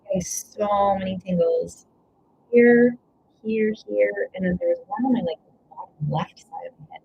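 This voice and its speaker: A woman's voice: mid-range voice, moderate pace, vocal fry. A woman giving a live tarot reading, rambling and gushing with frequent exclamations of wonder. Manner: rambling, exclaims 'whoa' and 'wow' often; gushing, emotional. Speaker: tarot reader. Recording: slightly dull lo-fi audio with faint noise.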